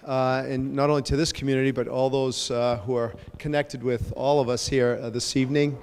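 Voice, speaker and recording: A man's voice: medium pitch, flat delivery, fairly quick, a little mellow, slight background noise. Man, parish pastor, casual rambling welcome, fillers, jokes at himself, long hall reverb. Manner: chatty, rambling, self-joking, with frequent fillers. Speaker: parish pastor hosting a panel. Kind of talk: welcoming remarks to a parish gathering.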